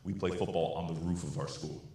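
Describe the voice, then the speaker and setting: A man giving a storytelling keynote speech, animated and acting out the voices of the people he quotes. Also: low voice, fairly quick, a little hiss or hum. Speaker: keynote speaker. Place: large conference hall. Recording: echoey hall.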